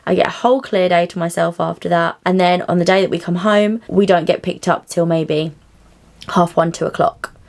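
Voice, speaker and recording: A woman's voice: fairly low pitch, normal speed, creaky. Bubbly young woman vlogger. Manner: bubbly and chatty, often squealing with excitement. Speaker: cabin crew vlogger. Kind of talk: casual talking-to-camera vlog.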